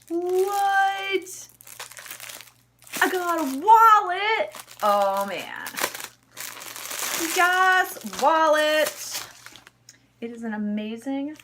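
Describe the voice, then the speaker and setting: A woman's voice: high-pitched, background noise. A young woman vlogger doing an unboxing video, gushing and squealing over cute items. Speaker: cosplay vlogger.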